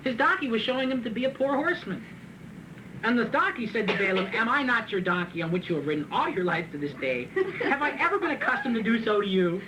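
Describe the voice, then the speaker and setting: A man preaching a sermon, reading scripture and then retelling it in a joking, animated way with frequent laughs. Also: high-pitched, fast talker, background noise. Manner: animated, joking, laughs often at his own asides; reads scripture aloud and then retells it in plain talk. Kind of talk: sermon with Bible reading and commentary.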